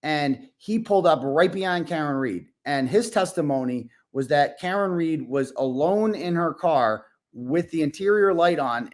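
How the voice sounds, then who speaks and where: A man telling an animated story as a podcast guest, full of fillers and restarts. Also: fairly high pitch. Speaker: podcast guest, independent reporter. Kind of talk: casual podcast conversation.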